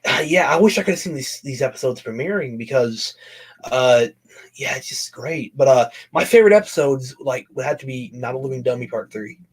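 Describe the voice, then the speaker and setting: A man's voice: medium pitch, expressive, fairly quick, husky. A man talking as a guest on a casual horror podcast, an enthusiastic fan who swears and trails off with fillers.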